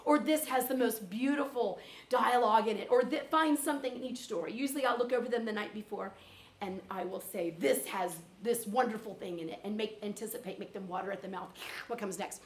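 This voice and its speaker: A woman's voice: a little high, fairly quick. A woman teacher giving chatty, practical tips on teaching reading. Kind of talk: teacher-training talk. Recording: echoey room.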